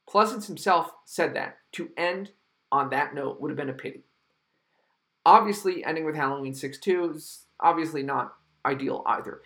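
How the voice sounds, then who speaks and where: A man reviews a film in an exasperated, swearing rant, leaning hard on his words. His voice sits a little high and has a gravelly edge. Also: a bit bright. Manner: profane, exasperated, emphatic. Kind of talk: ranting film review monologue.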